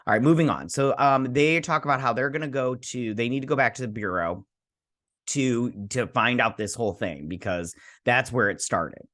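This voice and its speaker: A man's voice: mid-range voice, pushed and bright. A man hosting a TV review show, recapping an episode in casual, rambling chat with self-deprecating asides. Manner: quickly acts out characters' lines. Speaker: TV review host.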